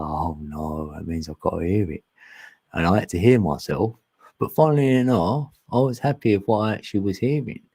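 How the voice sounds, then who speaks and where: A man's voice: fairly low pitch, dark tone. A man talking casually and ramblingly as a channel host, often laughing. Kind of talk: casual spiritual chat. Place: long live stream.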